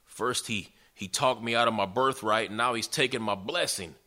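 A man's voice: fairly low pitch, normal speed, pushed and bright. A man voicing a grieving young man who pleads with his father in a sermon retelling. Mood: pleading. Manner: pleading, plaintive.

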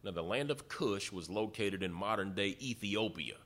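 A man's voice: fairly low pitch, lively intonation, normal speed, a bit bright. A man preaching a sermon, retelling a story in a folksy way and acting out the quotes. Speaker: pastor.

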